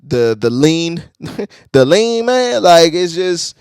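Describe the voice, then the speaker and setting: Excitable slangy young male reviewer. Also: a little high, slow pace, clear, resonant tone, no room sound, studio quality. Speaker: music reviewer. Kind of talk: casual reaction review.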